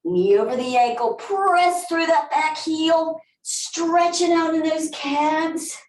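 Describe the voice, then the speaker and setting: A woman's voice: high-pitched, slow. A woman with a Southern US accent leading a barre workout, coaching upbeat with whoops and counts. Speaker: barre fitness instructor. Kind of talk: live workout instruction. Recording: roomy, from a distance.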